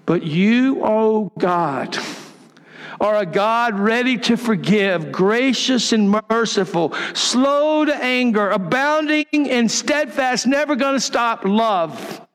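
A pastor preaching a sermon in a church, emphatic and repetitive, sometimes dropping to a soft near-whisper. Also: male voice, sits high, animated, slow pace, smooth. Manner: emphatic, repeats key phrases, drops to a soft near-whisper. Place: church sanctuary. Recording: long reverb of a large church hall.

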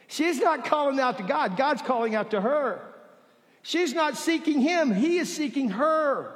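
A man preaching a sermon as pastor in a church, with dramatic pauses and soft, drawn-out emphasis. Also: very high-pitched, animated. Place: church sanctuary. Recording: reverberant hall.

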